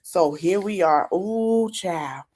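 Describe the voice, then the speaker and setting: A woman's voice: lowish voice, slow, a little mellow. A woman hosting a podcast, giving a chatty, dramatic recap of a reality show and talking straight to her listeners. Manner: chatty, dramatic reactions, talks to viewers directly. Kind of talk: casual recap commentary.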